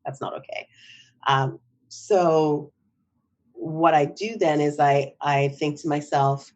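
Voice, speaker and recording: A woman's voice: sits low, steady tone, takes it slowly, darkish tone, muffled recording. A middle-aged woman, a psychotherapist, talking in a podcast interview in a reflective way, often checking in with "right?". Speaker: psychotherapist guest.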